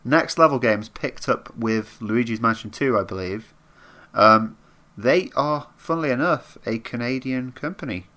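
A man's voice: medium pitch, a little slow, pushed and bright. A man co-hosting a podcast, explaining things in a rambling, hedging way. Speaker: podcast co-host. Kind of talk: casual chat.

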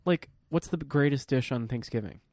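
A man's voice: medium pitch, normal speed, a little mellow, no room sound, studio quality. A man co-hosting a podcast, chatting casually and firing off teasing, profane comebacks. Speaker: podcast co-host. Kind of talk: casual chat.

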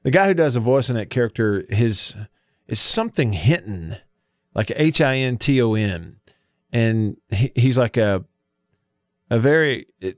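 A man's voice: mid-range voice, no room sound. Chatty male talk radio host, dry studio sound. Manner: rambling, chatty, self-interrupting. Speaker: radio sports show host. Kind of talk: talk radio chat with live ad reads.

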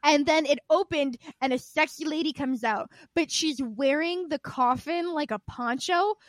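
High-voiced woman, animated storyteller. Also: measured pace, dry recording. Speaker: podcast co-host. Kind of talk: casual video game chat.

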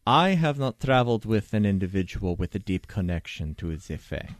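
A man voices a grave, formal expert on the Fae in a tabletop game. He speaks in deliberate, measured phrases, in a lowish voice that rises and falls widely. The sound is dry and close. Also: sing-song, dry recording.

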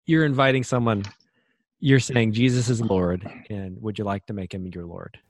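A man's voice: lowish voice, fairly even intonation, normal speed. A male interviewer asking short, wry questions in a conversation.

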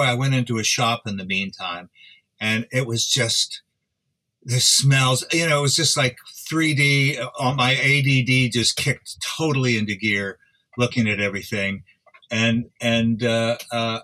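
A man in his seventies, a guest instrument restorer, telling his story in a rambling, halting way. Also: mid-range voice, bright, forceful tone. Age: 70s. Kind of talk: casual interview chat.

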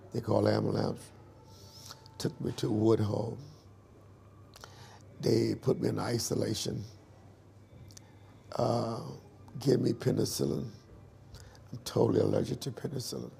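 A man in an interview, telling his life story in a lively storytelling way and acting out the dialogue. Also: on the low side, unhurried, vocal fry, pauses often, a little hiss or hum.

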